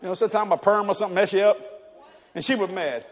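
Speaking fast in a high-pitched voice, this middle-aged man gives a comic storytelling sermon to a church-hall congregation. He laughs a lot and acts out the people in his stories.

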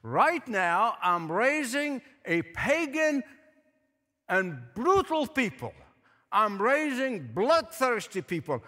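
A man preaching, speaking as God to a prophet in firm, measured pronouncements. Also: extremely high pitch, very animated, pushed and bright, heavily acted. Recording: echoey hall with long reverb.

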